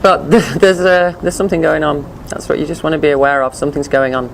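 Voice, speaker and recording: A woman teaching a dog behavior class in a chatty, animated way, often acting out voices. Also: low-pitched, quick pace, gravelly, a little hiss or hum. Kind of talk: informal lecture with slides.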